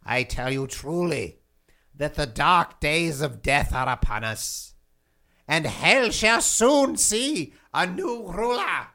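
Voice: big pitch swings, takes it slowly, bright, forceful tone, exaggerated voice. A performer playing a pompous, grandiose male king of hell in a comedy podcast bit. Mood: ominous. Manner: grandiose, theatrical, booming pronouncements.

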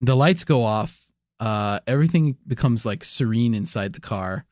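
A man spinning a long, absurd tale as a comedy podcast co-host, deadpan and rambling, stopping for "uh" and "like" as he goes. His voice sits in an ordinary middle pitch. It is recorded close and dry, with no room sound. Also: normal speed, dry recording. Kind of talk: casual storytelling.

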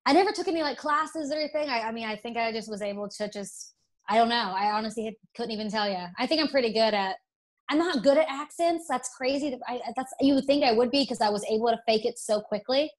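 A young woman from Alabama with a faint Southern accent, chatting candidly as an interview guest, self-deprecating and quick to restart her sentences. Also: a little high. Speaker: interview guest, broadcast presenter. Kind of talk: casual interview.

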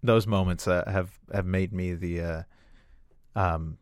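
A man's voice: low voice, fairly even intonation, slow pace, no echo, clean studio sound. A man, a stand-up comedian, telling a story in a casual podcast chat. He rambles with lots of restarts and fillers and swears freely.

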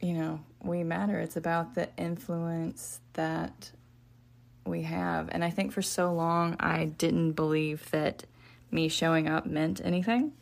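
A woman author and podcast guest, talking in a soft-spoken, reflective way. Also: deep voice, little pitch movement, unhurried, gravelly. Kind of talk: faith podcast conversation.

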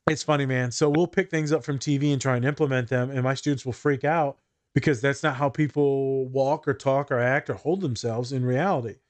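A man's voice: brisk, dry recording. A man in casual podcast talk, voice sitting in an ordinary middle range. He laughs a lot and acts out quotes in a raised voice. The sound is dry and close, with no room around it. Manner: laughs often, animated quoting in a higher voice. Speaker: podcast host. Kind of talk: casual chat.

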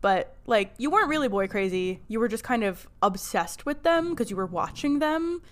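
A woman with a New Jersey accent co-hosting a casual podcast, upbeat and quick to agree and laugh. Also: a little high, expressive. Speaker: podcast co-host. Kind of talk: casual chat.

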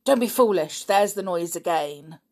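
A woman voicing a bad-tempered, stern middle-aged man who snaps his words out loudly and slowly in a husky voice. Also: on the low side, expressive. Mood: angry. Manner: snapping, raised and slow.

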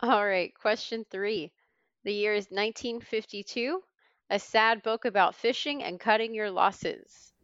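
A woman hosting a trivia podcast, reading clues in a brisk, wry way. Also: medium pitch, a bit bright, smooth, dry recording. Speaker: quiz host. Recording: slightly dull lo-fi sound.

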